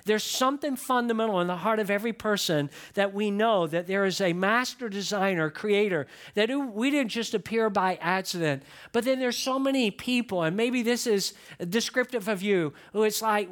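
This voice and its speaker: Male pastor, high-pitched, earnest sermon delivery that repeats key lines. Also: normal speed, few pauses, a bit bright.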